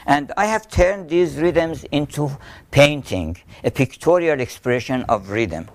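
A man's voice: a little high, animated, unhurried. A man with a Persian accent explaining poetry in an interview, telling anecdotes and chanting rhythms aloud. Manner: storytelling, chanting poetic rhythms. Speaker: poet and painter teaching Persian poetry.

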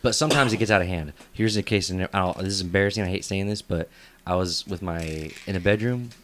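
A man in his thirties with a lowish voice hosts a casual comedy podcast in a studio. He rambles through animated stories and breaks into laughter often. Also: fast talker, a little hiss or hum. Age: 30s. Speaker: podcast host.

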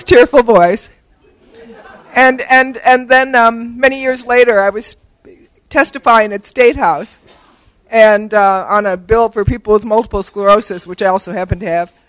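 A woman's voice: fairly high pitch, fairly even intonation, moderate pace, no echo, poor audio. Older woman, wry storyteller accepting an award, dry close sound. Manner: humorous, self-deprecating storyteller with fillers. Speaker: award recipient and disability advocate. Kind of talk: acceptance speech with anecdotes.

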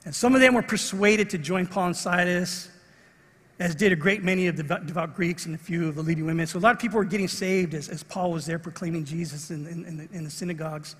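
A middle-aged man preaching a sermon, telling a personal story in an animated way and acting out the voices of the people in it. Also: high voice, quick pace, slightly rough. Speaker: pastor. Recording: long reverb of a large hall.

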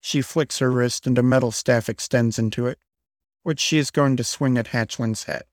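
A man running a tabletop game as game master, narrating the action in a measured, descriptive way. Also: medium pitch, steady tone, no echo.

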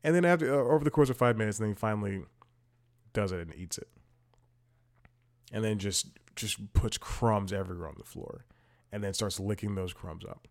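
A man's voice: on the low side, normal speed, creaky, long pauses. A man hosting a casual podcast, talking in long, digressive stories and laughing at himself. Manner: rambling, digressive, self-amused. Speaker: podcast host. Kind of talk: casual talk-show commentary.

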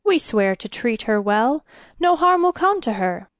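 A woman's voice: fairly high pitch, very animated, measured pace, no echo. An eager, loyal young attendant, speaking up earnestly and a little raised, as a woman reading a storybook puts him on. The recording is dry and close.

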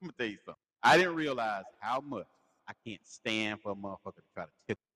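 A man's voice: on the low side, lively intonation, fast talker, bright, forceful tone, in a large hall. A man with a Southern US accent, co-hosting a podcast, telling crude stories with lots of laughter and slang. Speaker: podcast co-host. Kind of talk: casual storytelling chat.

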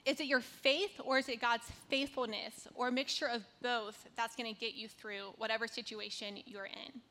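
A woman's voice: a little high, fairly even intonation, normal speed, sharp tone. A woman in her thirties from North Carolina giving a conversational devotional talk, telling a personal story with casual fillers.

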